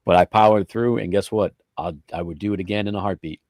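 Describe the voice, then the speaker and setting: A man's voice: low voice, fast talker, darkish tone, dry recording. A man on a casual talk show, speaking upbeat with restarts. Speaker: podcast co-host. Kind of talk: casual chat.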